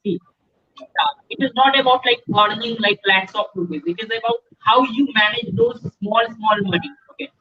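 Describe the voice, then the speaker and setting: A high-voiced man with an Indian English accent gives a webinar talk to students over a video call. He speaks haltingly, full of fillers and restarts, and keeps checking in with "okay". The call audio is muffled and lo-fi. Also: lively intonation, bright, forceful tone. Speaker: guest speaker, entrepreneur.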